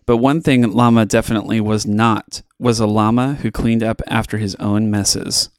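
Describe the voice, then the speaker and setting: A man hosting a podcast, reading a children's storybook aloud in an expressive, playful way with dramatic pauses. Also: fairly low pitch, no echo, clean studio sound.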